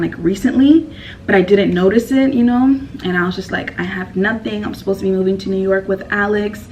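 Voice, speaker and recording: A woman's voice: fairly low pitch, far from the mic, a little hiss or hum, low-quality recording. A woman telling a personal story in a casual vlog, rambling and emotional with lots of fillers.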